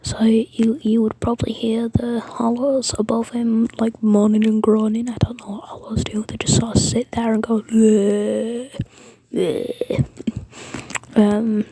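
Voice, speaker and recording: A woman's voice: a little high, monotone, moderate pace, hardly any pauses, warm tone, a little hiss or hum. A woman whispering a rambling story, with frequent fillers and restarts.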